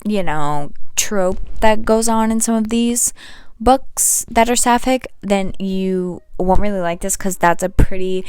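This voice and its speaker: Chatty young woman with a smooth voice. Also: mid-range voice, no echo. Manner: chatty and animated, with slang and playful asides to viewers. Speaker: book vlogger. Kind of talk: casual monthly reading wrap-up chat.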